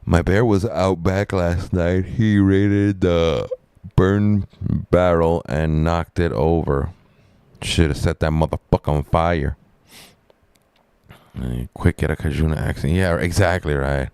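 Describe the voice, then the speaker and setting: Fields: Voice: deep-voiced, gravelly man. Style: rambling live-stream chat. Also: fairly even intonation, slow, a little mellow, no echo. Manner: rambling, profane, laid-back.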